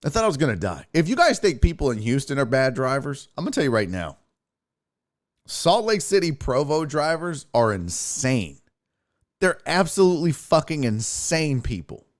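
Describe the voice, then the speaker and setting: A man's voice: a little high, very animated, normal speed. A man hosting his own show, telling a story in a profane, ranting casual style. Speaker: sports show host.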